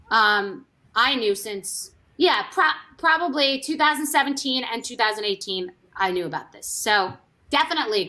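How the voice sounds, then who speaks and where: A woman's pushed, bright voice on the high side carries this casual gossip session from a former reality TV cast member. She's candid and rambling, restarting often and tossing in asides.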